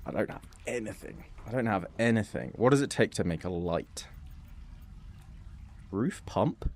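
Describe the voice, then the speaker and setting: A man's voice: fairly low pitch, expressive, measured pace. A man chatting, swearing and laughing as he streams himself playing a game. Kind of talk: live gameplay commentary.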